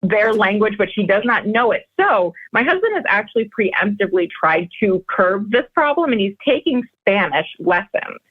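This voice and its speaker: A woman's voice: mid-range voice, very animated, normal speed, few pauses. Brief: female podcast caller, rambling and hesitant, heard over a tinny phone line. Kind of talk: telling her problem on a call-in show.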